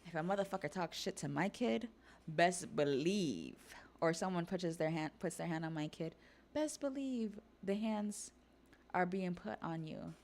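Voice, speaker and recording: A woman's voice: lowish voice, unhurried, a little mellow. A woman hosting a stream, casually recapping and reacting, chatty and profane. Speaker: stream host. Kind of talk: casual episode recap and discussion.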